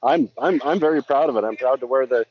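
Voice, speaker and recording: A man's voice: mid-range voice, fast. Earnest man on a dull call line. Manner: earnest, repeats words as he talks. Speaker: guest, law enforcement officer. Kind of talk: casual chat. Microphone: remote call-in. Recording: slightly dull call audio with faint noise.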